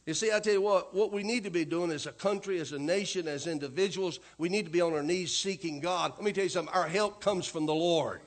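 A man's voice: high-pitched, fast talker, few pauses. A male pastor preaching a sermon, emphatic and punchy, often turning to the congregation with asides and questions.

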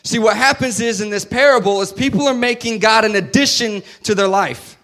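Preacher guy, kinda high voice, chatty sermon, swings loud then quiet. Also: brisk. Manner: conversational, acts out quoted voices, swings loud to soft.

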